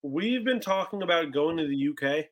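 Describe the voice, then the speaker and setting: A man in his twenties, a guest musician in a casual podcast chat, talking excitably and filling his speech with "bro" and "like". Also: fairly high pitch, normal speed. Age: 20s.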